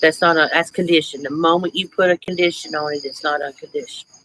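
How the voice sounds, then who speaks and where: A woman's voice: sits low, steady tone, fast, slight background noise, rough recording. Chatty woman hosting a livestream. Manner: chatty, reflective, laughs often, greets viewers warmly. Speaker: livestream host. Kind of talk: casual live chat.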